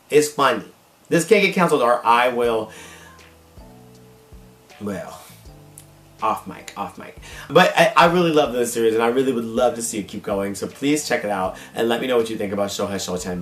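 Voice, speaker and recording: A man's voice: medium pitch, fairly bright tone. A man hosts a casual manga haul vlog in drag, dramatic and gushing, his voice strained and wearing thin. The room is echoey, and faint guitar music plays behind him. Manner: gushing, dramatic, calls viewers y'all and baby. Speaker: drag queen manga collector, channel host.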